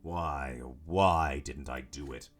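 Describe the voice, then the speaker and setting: A man voicing a zealous, mad old nobleman grandfather in a slow, brooding, menacing manner, lower than his own voice. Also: fairly bright tone, full character voice. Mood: bitter.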